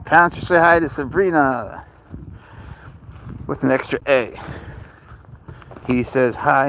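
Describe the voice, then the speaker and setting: Man chatting softly on a night live stream. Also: medium pitch, a little hiss or hum. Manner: rambling, joking, talks softly to his cat and reads chat. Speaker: livestream host. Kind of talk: casual live-stream chat.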